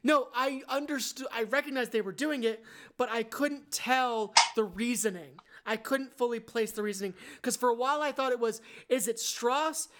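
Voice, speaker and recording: A woman's voice: a little high, normal speed, a little hiss or hum. A woman co-hosting a casual film review podcast. She is thoughtful and candid, often stopping to rephrase a point before going on. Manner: thoughtful, self-correcting, candid. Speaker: podcast co-host.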